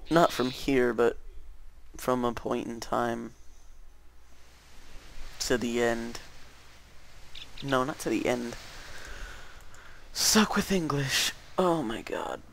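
Rambling teenage boy with a gravelly voice. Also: medium pitch, fairly even intonation, slow, pauses often, slight background noise. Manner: rambling, self-correcting, many fillers. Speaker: gaming channel host. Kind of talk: casual gameplay commentary.

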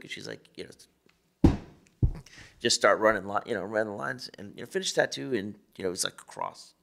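Gravelly-voiced rambling tattooer man. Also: on the low side, brisk, pauses often, a bit bright. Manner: rambling storyteller, many restarts and "you know". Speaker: tattooer guest. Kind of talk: casual panel chat.

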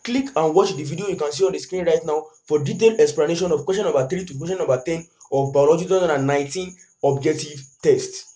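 A man's voice: fairly high pitch, quick pace, few pauses, mellow. A man with a Nigerian accent teaching an exam revision lesson, who keeps asking his students "what?" and then answers himself.

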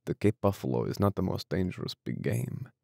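A man's voice: lively intonation, vocal fry, no room sound, studio quality. A man voicing General Zaroff, suave and menacing. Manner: courteous, slow and measured, drops low and quiet. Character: suave, menacing aristocratic hunter general, middle-aged man. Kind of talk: audiobook character reading.

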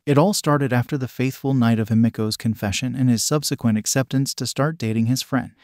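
A man reading fan fiction aloud in an even, literal narration. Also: mid-range voice, brisk, no echo, clean studio sound. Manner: even, literal reading, reads out sound words.

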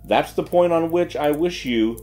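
A man's voice: on the high side, normal speed, dark tone, soft background music, voice pushed up, close to an everyday voice. A man voicing a sarcastic, stern detective chief giving orders in a dry, businesslike way.

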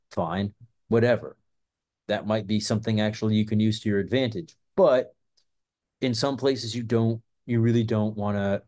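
Rambling, profane man with a mellow voice. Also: lowish voice. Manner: rambling, profane, filler-heavy. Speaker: self-defense channel host. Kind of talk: casual monologue.

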